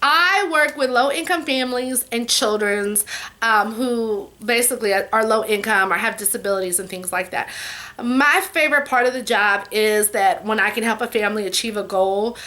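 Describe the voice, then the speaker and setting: A woman's voice: fairly high pitch, normal speed. A woman, chatting casually to camera while answering viewer questions. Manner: chatty, warm-hearted, says "y'all" and "you know" often. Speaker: vlogger.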